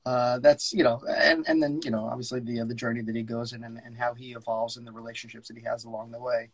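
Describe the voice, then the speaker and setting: A man co-hosting a podcast in casual chat, enthusiastic and a little halting. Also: medium pitch, level tone, poor audio. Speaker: podcast co-host.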